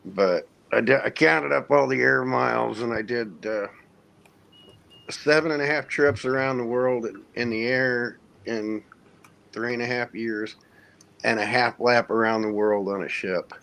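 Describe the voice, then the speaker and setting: A man in his forties from Indiana, a military veteran telling a long story in a relaxed, profane way to friends in a casual hangout. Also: mid-range voice, unhurried, creaky. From United States (Indiana). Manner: profane, laid-back storyteller who mimics others.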